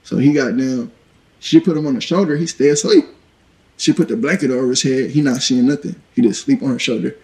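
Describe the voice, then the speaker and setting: Man, interview guest, blunt storytelling, swears freely, matter-of-fact, mid-pitched voice. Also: a little fast, a little mellow, rough recording. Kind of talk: recounting a violent story in an interview.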